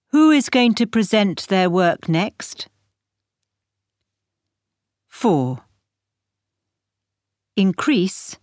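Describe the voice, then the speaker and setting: A woman reading textbook example sentences for a pronunciation lesson, with slow, careful enunciation. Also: medium pitch, a little mellow, no echo, studio quality. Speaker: textbook audio reader.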